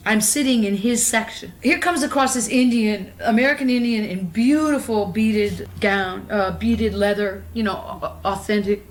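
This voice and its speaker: A woman's voice: mid-range voice, normal speed, few pauses. Blunt, profane woman in her fifties. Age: 50s. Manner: blunt, profane, laughs easily, digresses. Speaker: actress being interviewed. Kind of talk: candid rambling storytelling. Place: her own home.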